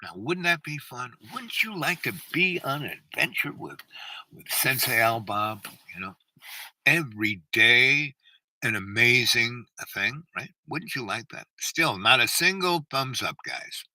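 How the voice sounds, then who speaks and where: A man's voice: medium pitch, big pitch swings, unhurried, bright, forceful tone, dry recording, low-quality recording. An older man hosting a livestream, telling a long rambling story to his chat and often tagging "right?". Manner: rambling, keeps asking "right?". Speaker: livestream host.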